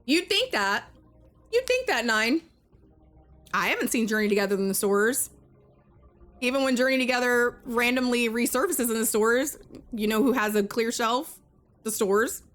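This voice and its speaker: A young woman live-streaming while she games and chats with her viewers, muttering one moment and breaking into loud outbursts the next, with a cough that keeps coming back. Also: fairly high pitch, moderate pace, long pauses. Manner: excitable, swings between muttering and loud outbursts. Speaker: gaming streamer.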